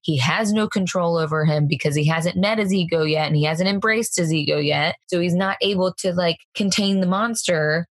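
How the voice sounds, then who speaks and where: A woman in her thirties talks candidly on a podcast, poking fun at herself and laughing often. Her voice sits a little low with a husky edge, recorded dry and close. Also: normal speed, hardly any pauses, no echo. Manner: candid and self-mocking, often breaking into laughter. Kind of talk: casual chat.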